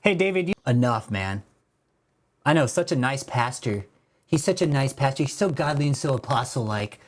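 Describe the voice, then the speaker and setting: Man, livestream host, casual commentary, profane, mocking, middle pitch. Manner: profane, mocking, laughs often, calls people bro.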